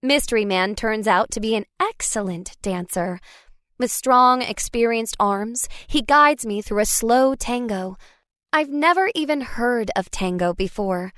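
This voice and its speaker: A woman reading a first-person story aloud as an audiobook narrator, expressive and wry. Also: fairly high pitch, a little slow, dry recording, studio quality.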